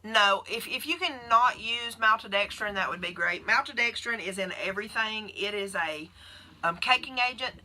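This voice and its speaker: A woman's voice: medium pitch, normal speed, sharp tone. A woman with a Southern US accent, chatting casually on a livestream and answering viewer questions as a keto nurse.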